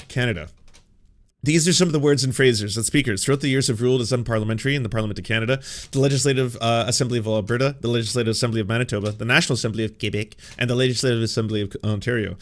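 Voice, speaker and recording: A man's voice: mid-range voice, a bit bright. A man hosting a casual news commentary show, sarcastic and often laughing, reading bits aloud and mocking them. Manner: sarcastic, laughing, mock-pompous asides.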